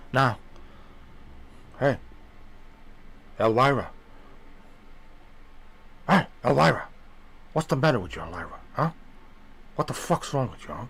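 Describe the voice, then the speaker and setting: A man's voice: medium pitch, creaky, slightly rough, heavily acted. A man imitating a hot-tempered male movie gangster who barks aggressive, swearing demands. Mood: angry.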